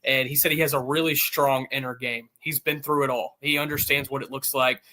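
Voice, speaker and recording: A man talking as a guest sports reporter, casual and energetic, with quick restarts and fillers. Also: mid-range voice.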